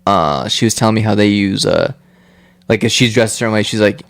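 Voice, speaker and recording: A man's voice: on the low side, steady tone, a little fast, vocal fry. A man hosting a podcast, chatting casually in crude, laughing banter. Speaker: podcast host. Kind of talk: casual chat.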